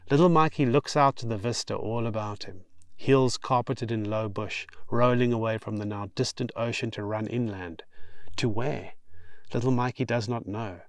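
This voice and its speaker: Man, author narrating an audiobook, mid-range voice, expressive, dry close sound. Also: medium pitch, moderate pace, no room sound. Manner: steady expressive reading. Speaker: author reading his novel.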